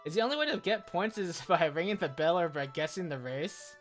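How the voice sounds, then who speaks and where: A chatty woman commenting on her own game during a live stream, joking and reacting as she goes. Her pitch is very lively and moves all over. Faint game music runs underneath. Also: fairly quick.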